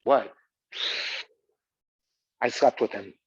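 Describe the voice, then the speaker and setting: A man's voice: medium pitch, drawn-out words, darkish tone, slightly rough, no echo, lo-fi sound, exaggerated voice. A man playing a woman theater producer who dodges questions and talks about astrology and energy. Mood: awkward. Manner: evasive, hesitant.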